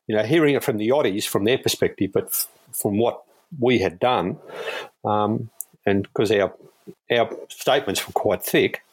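Husky-voiced Australian man telling stories. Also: medium pitch, animated, moderate pace, long pauses, no room sound. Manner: laid-back anecdotal, chuckles while telling stories. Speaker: guest, police air rescue crewman. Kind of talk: casual storytelling interview.

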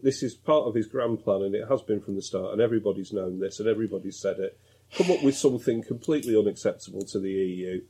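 Low, husky-voiced wry male host. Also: fast, mellow. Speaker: podcast co-host. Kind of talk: casual political chat.

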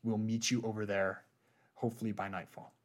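Stern elder woman for a tabletop game, terse and low-pitched, played by a man. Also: flat delivery, a little fast, close to an everyday voice. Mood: urgent.

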